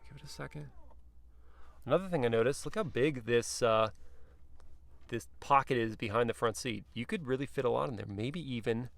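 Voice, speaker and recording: Gravelly, playful man reviewing a car. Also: mid-range voice, moderate pace. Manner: playful, chatty, jokes to himself. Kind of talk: casual walkaround review. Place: back seat of a car.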